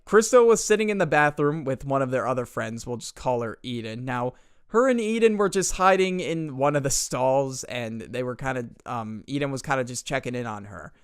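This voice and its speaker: A man's voice: mid-range voice, smooth, dry recording, studio quality. A young man narrating a comedic story in casual slang, exasperated and mocking. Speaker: storytime commentator.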